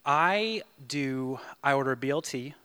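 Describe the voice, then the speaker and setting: A man guest in casual chat with a dry, deadpan way of joking. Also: medium pitch, a little slow, smooth.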